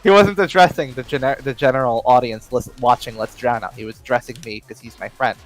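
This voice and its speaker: A man's voice: mid-range voice, brisk, dry recording, faint music behind, low-quality recording. A man chatting jokily while playing a game, stammering through restarts and giggling often. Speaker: let's play co-host. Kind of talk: casual chat over gameplay.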